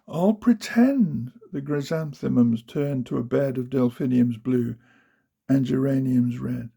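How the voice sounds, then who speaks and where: A man voicing a sad, sleepy male dormouse in a sickbed, speaking gently and wistfully in a storybook reading. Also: mid-range voice, unhurried, vocal fry, husky, pitched below the performer's own voice.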